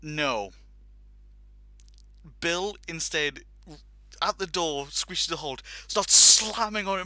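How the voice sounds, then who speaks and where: Bright, dry-voiced man telling a story. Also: on the high side, takes it slowly, pauses often, dry recording. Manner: animated anecdote with laughs and acted-out quotes. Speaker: podcast host telling a story. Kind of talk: casual storytelling.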